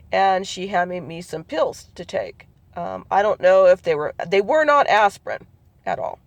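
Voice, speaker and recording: A woman's voice: on the low side, vocal fry, no echo. A middle-aged woman telling a personal family memory, hesitant and rambling with many ums and restarts, acting out what relatives said. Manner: acts out quoted relatives in her telling. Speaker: family storyteller. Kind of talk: personal recollection.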